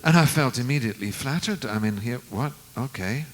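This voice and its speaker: A man in his seventies, a guest musician, telling an anecdote in an unhurried way and acting out the quoted dialogue. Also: mid-range voice, lively intonation, rough recording. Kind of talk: anecdotal storytelling.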